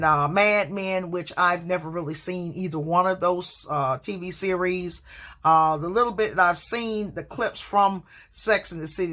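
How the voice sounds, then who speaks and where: A woman's voice: fairly low pitch, a bit bright. A woman, a teacher, giving a casual spoken book review, hesitant and full of fillers, restarts and stammers. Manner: hesitant, many fillers and restarts, admits stuttering.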